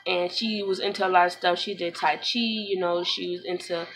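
A woman's voice: fairly low pitch, steady tone, very noisy. Subdued young woman vlogging at home. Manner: subdued, halting, with many fillers. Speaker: vlogger, mother. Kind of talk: casual personal vlog.

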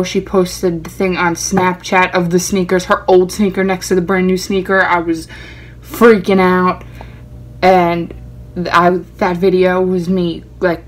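Gushing young woman vlogger, lowish voice. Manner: excitable, rambling, gushing. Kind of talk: casual chat to camera.

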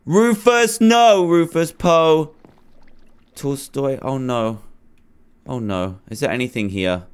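A man commenting nervously as he plays a horror game, pleading and reacting loudly to scares. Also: mid-range voice, clean tone. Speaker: gamer.

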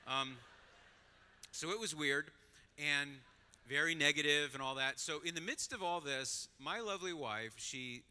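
A middle-aged man tells a story to a conference crowd. His voice is very bright and forceful, and he plays out each scene with a lot of life. A long reverb from the large hall trails after his words. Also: on the high side, normal speed, clear, resonant tone. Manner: animated storyteller, acts out voices. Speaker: conference speaker. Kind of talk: storytelling talk to an audience.

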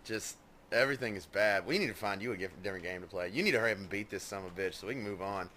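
A man's voice: lowish voice, racing, pushed and bright, slight background noise. A man watching his friend play a game, teasing and mocking him in casual banter. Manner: teasing, mocking, laughs a lot. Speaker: let's play co-host watching.

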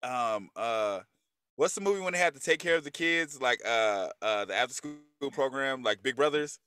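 A man co-hosting a casual movie review chat, animated and profane, often repeating himself as he gets worked up. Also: mid-range voice, moderate pace, faint music behind. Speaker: podcast co-host.

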